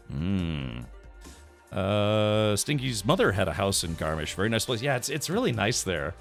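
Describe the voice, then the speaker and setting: A man on a game live stream, reading update notes aloud and chatting with viewers in a halting way with frequent restarts. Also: fairly low pitch, very animated, faint music behind. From United States.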